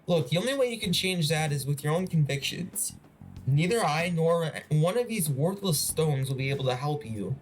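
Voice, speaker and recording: A man's voice: fairly high pitch, expressive, moderate pace, soft background music, natural voice. A man reading an earnest young fortune teller. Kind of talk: voiced reading of game dialogue.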